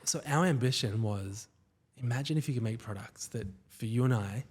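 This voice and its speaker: A man, a company founder, telling stories as a guest in a casual podcast interview, with enthusiasm and quick asides. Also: mid-range voice, darkish tone, breathy edge.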